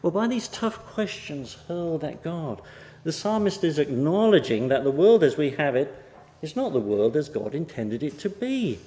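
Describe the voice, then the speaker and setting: A male preacher delivering a Bible sermon in a fairly high voice that swings widely in pitch. He leans hard on key words and then lets his sentences sink quietly at the end. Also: very animated, moderate pace. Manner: emphatic, rising for stress and dropping soft at phrase ends. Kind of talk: expository sermon.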